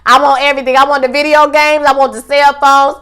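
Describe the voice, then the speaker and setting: A young woman with a fairly high voice chats through a TV episode recap. She acts out what the characters say in quick, lively bits and drops slangy asides as she goes. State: pregnant. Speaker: TV recap host.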